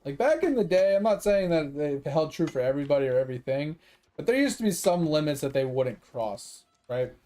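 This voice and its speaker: A man's voice: a little high, sing-song, brisk, dark tone. A man chatting casually with his stream viewers, rambling and swearing freely, breaking into laughs often. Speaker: gaming streamer.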